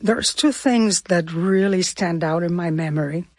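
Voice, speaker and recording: A woman's voice: fairly low pitch, a little slow, darkish tone, no room sound. Older Cuban-born woman telling her story. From Cuba. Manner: heartfelt, vivid and reflective. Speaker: guest. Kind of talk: personal storytelling interview.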